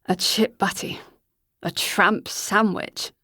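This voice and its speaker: A woman voicing a calm young gentleman. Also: high voice, husky, no echo, studio quality. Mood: tipsy, slurring. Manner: measured, matter-of-fact. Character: young well-bred Englishman, earnest and careful.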